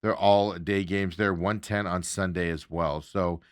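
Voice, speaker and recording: A man's voice: deep voice, fairly even intonation, unhurried, clean tone, no echo, clean studio sound. A man hosting a casual sports talk show, rambling along with lots of fillers and chuckling asides.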